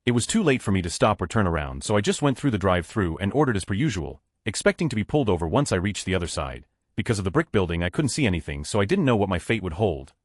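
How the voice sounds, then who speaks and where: Deep, fast-reading male story narrator. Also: big pitch swings, no room sound, clean studio sound. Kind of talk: reading Reddit stories aloud.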